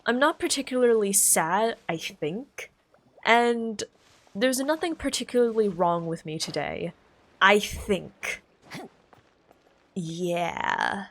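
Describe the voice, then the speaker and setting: A woman streamer in casual live-stream chat, playful and self-mocking, lower in energy than usual. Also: big pitch swings, slow, pauses often.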